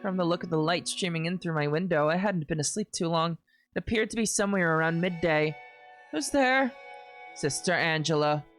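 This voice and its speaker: A streamer reading a visual novel aloud with expressive, swearing reactions. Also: male voice, on the high side, fast talker, faint music behind.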